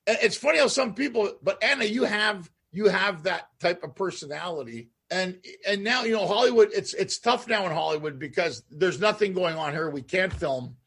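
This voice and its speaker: A man with a rather high, husky voice hosts a casual chat and talks in a blunt, animated way. He swears freely and often breaks off and restarts his sentences. The sound is clean, apart from the slight rasp in his voice. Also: normal speed, hardly any pauses. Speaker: talk show host.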